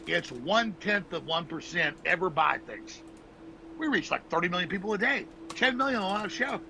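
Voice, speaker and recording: A gravelly man who rants at a strained, raised pitch, pleading with his listeners in a repetitive, swearing torrent. The recording carries noticeable background hiss. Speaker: host. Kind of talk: impassioned ranting monologue.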